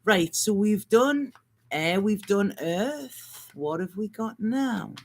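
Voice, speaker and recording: A woman works through an improvised astrology and intuitive reading. Her talk is halting and meandering, with phrases started over as she goes. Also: medium pitch, animated. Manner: halting, rambling, restarts phrases.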